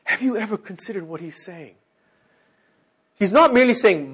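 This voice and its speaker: Male preacher, husky and lively, big dynamic swings between shouts and hushed asides. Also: high voice, moderate pace. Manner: animated, swings from loud exclamations to near-whispers. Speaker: teacher. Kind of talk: sermon.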